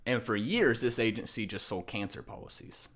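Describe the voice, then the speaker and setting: A young man in his twenties tells a story on a podcast in a casual way. He is animated and acts out the lines of the people in it, and he laughs often as he goes. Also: mid-range voice, normal speed. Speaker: podcast guest.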